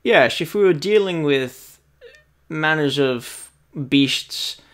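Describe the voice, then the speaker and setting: A man's voice: on the high side, lively intonation, slow pace, over a noisy crowd. A man playing a blunt, intimidating male half-orc mercenary who haggles firmly over pay in a tabletop role-play. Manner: firm, bargaining, threatening undertone. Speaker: player.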